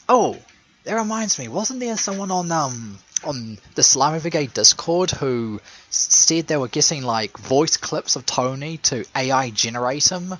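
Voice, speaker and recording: A man talking in a rambling, sarcastic commentary that often breaks into laughter. His voice is bright and sharp, and his pitch swings widely. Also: gravelly, low-quality recording. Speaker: show fan and caller. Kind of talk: casual commentary monologue.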